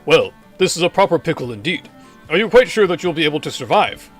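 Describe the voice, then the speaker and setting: A fussy, genteel scholar of a professor, as a man puts him on, fretting in courtly, old-fashioned phrases with a lively, swooping voice. The voice sits a little high, with faint game music underneath. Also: quick pace. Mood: courteous.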